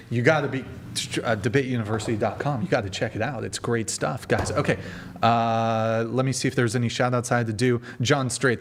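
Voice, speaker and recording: A man in the host's chair of a late-night livestream talk show, plainly at a middle pitch. He jokes with the panel, reads out shout-outs and slips into silly accents now and then. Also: slight background noise. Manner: joking, animated, puts on silly accents. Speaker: host.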